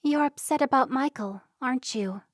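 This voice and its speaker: A gentle, caring young woman from a storybook, as a female narrator plays her. She speaks in a reassuring way, and the voice sounds close and dry. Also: sits high, moderate pace, no room sound, voice pushed up.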